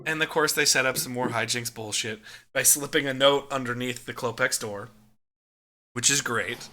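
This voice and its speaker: A man co-hosting a podcast, chatting casually about a movie, animated and laughing often, with plenty of swearing. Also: medium pitch, normal speed. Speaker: podcast co-host. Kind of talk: casual movie review chat.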